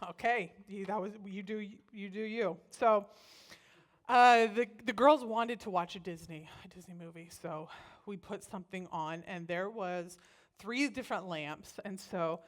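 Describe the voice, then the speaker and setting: A woman shares personal stories from a church stage with animation, performing the voices of those she quotes. Her pitch is medium and her pace measured.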